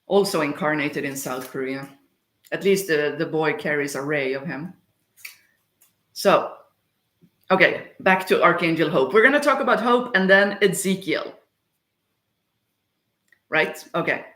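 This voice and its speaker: A woman talks in an unhurried, meandering way, her voice sitting a little low. She drifts between topics in a loose, chatty livestream style. The sound bounces around a hard-walled kitchen. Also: animated, fairly bright tone. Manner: slow, rambling, chatty, wanders off topic. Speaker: spiritual medium livestreaming. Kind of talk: casual livestream chat. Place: home kitchen. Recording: echoey room sound.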